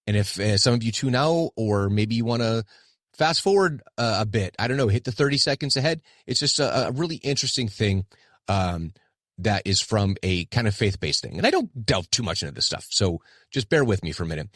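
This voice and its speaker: Lively-voiced middle-aged man podcasting. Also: on the low side, a little fast, no echo, studio quality. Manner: candid, rambling, self-deprecating. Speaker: podcast host. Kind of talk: casual solo podcast monologue.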